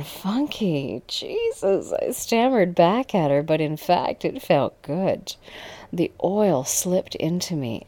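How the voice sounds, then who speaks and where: A woman narrating an erotic audio story in a low, unhurried voice. Her delivery is intimate and close, and it often slips into a breathy whisper. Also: mellow.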